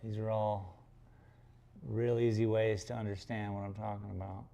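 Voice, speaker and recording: A man's voice: on the low side, flat delivery, moderate pace, gravelly, dark tone. A man chatting casually on a livestream while he paints, rambling and joking with some swearing. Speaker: painter streaming live.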